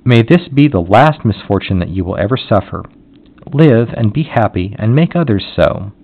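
A man reading the lines of a condemned young servant woman, gentle and resigned. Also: on the low side, animated, normal speed. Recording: dull lo-fi audio.

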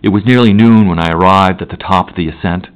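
A man narrating a classic novel as an audiobook, in a measured, formal, unhurried manner. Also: low-pitched, smooth, highs cut off.

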